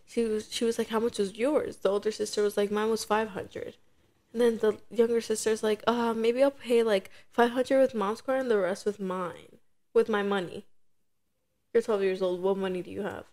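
A young woman in her twenties, co-hosting a relaxed podcast conversation, tells a story full of acted-out quotes. Her voice sits in the mid range and moves at a normal speed, and she animates the tale by performing the quoted voices.

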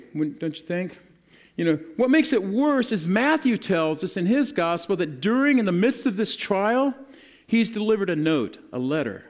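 A male pastor delivers a sermon with a fairly high voice. He retells the scripture as a lively story, slipping into casual modern speech for the people in it.

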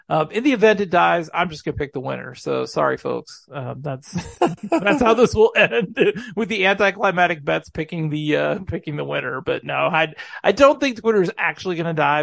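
A man's voice: on the high side, creaky, no room sound, studio quality. A man hosting a sports betting podcast in casual chat, laughing often. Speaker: podcast host.

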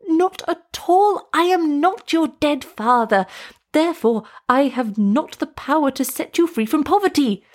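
A woman voicing a frightened, pleading old male witch doctor in a storybook reading, drawing his words out high and slow. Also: big pitch swings, heavily acted. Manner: high, drawn-out, pleading delivery.

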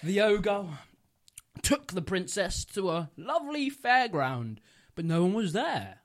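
A man's voice: high voice, sing-song, slow. Giggly young man telling a story. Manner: giggly, rambling, playful. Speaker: podcast co-host. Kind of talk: casual podcast chat, improvised storytelling.

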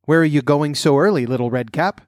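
A man voicing a sly, wicked male wolf who talks in a smooth, coaxing way. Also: a little high, a little fast, no echo, studio quality, lightly acted.

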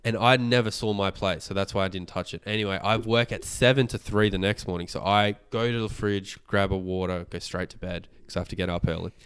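A man's voice: deep voice, fairly even intonation, a little fast, few pauses, fairly bright tone, smooth. A young man co-hosting a casual chat, telling a story with lots of swearing and heat. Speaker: podcast co-host.

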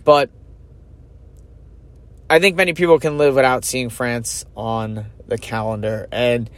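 A man's voice: mid-range voice, fairly even intonation, unhurried, dry recording. A man hosting a podcast, giving casual solo commentary in a chatty, opinionated way and thinking aloud with fillers. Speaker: podcast host.

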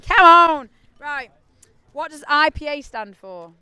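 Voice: high voice, lively intonation, slow, pushed and bright. An interviewer at an outdoor festival, quizzing a band in a playful, teasing way. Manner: playful, teasing, quiz-style questioning. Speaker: interviewer and quizmaster.

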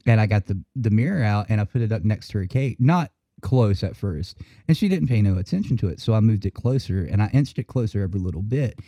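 A man hosts a podcast in loose, casual chat, laughing often and swearing freely. His pitch jumps all over the place as he tells a story. The recording is close and dry. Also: quick pace, dry recording. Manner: profane, laughing, animated storytelling. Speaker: podcast host.

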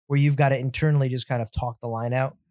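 A man co-hosting a podcast in a casual film chat, speaking in a measured, thoughtful way. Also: mid-range voice, fairly even intonation, a little mellow, dry recording, clean studio sound. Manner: measured, thoughtful, draws on stage acting experience. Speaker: podcast co-host.

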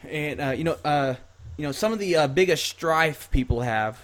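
A man hosting an interview, asking questions in a casual, halting way full of fillers and restarts. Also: fairly high pitch, animated, a crowd in the background. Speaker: podcast host.

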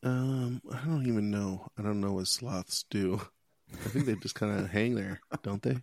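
A man's voice: fairly low pitch, normal speed, gravelly, darkish tone, dry recording, clean studio sound. A man co-hosting a casual podcast chat, throwing in short quips and puns. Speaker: podcast co-host.

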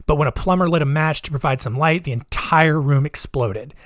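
Brief: relaxed male podcast storyteller, slightly high voice, dry sound, wry asides. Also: fairly quick, no echo. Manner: hesitant, many fillers and restarts, wry. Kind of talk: casual true-crime storytelling.

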